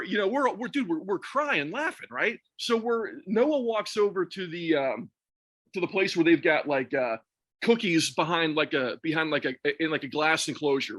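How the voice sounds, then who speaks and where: A man with a voice on the higher side tells a story in loose, swearing podcast chat. He keeps cracking himself up between sentences. The sound is dry and close, with no room in it. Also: no room sound. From Texas. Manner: animated, profane, laughs through his own story. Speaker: podcast co-host or guest.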